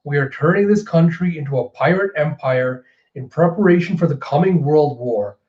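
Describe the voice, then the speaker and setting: A man's voice: fairly high pitch, moderate pace, close to an everyday voice. A man voicing a menacing male pirate emperor who lays down orders, in a roomy, slightly dull recording. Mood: commanding.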